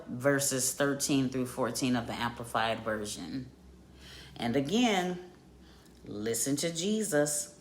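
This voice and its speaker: Slow, low-voiced woman reading scripture. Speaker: podcast host and life coach.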